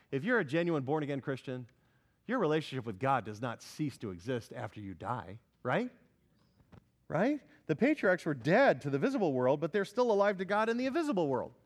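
A man preaching an expository sermon, addressing the congregation directly with questions and rising to forceful declarations. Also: on the high side. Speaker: pastor.

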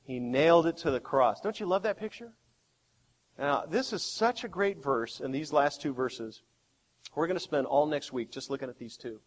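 A man preaching a sermon as pastor, with dramatic swings between quiet and loud. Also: mid-range voice. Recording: long hall reverb.

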